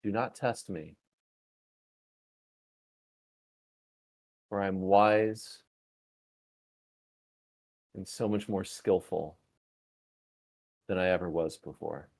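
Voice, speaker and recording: A man's voice: lowish voice, slow, long pauses, dark tone. A man voicing a pompous, self-important male chief engineer who boasts in a grandiose way.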